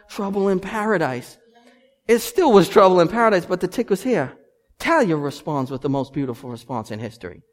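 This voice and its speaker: A man in his thirties preaching a sermon as pastor, animated and building to loud emphatic peaks. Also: a little high. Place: church sanctuary. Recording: long hall reverb.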